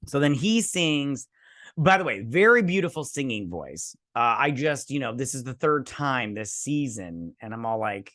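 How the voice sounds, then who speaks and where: A man's voice: medium pitch, animated, normal speed, a bit bright, no echo, clean studio sound. A man hosting a casual spoken TV review, rambling with many fillers and restarts and mimicking characters' lines. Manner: acts out characters' lines in mocking voices. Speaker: TV review host.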